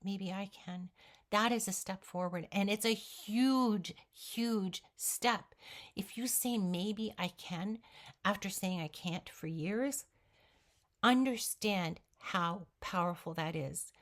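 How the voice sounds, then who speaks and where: A woman's voice: mid-range voice, slow pace. A woman vlogger giving an earnest, emphatic motivational talk straight to the viewer. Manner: speaks directly to the viewer. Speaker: weight-loss vlogger.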